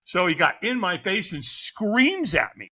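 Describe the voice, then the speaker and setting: A middle-aged man with a high, bright voice tells his story as a podcast guest, his pitch swooping up and down. He acts out what people said and laughs easily as he goes. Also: a little slow, breathy edge. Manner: animated, vivid storyteller who acts out quotes and laughs often. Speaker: guest, fire captain.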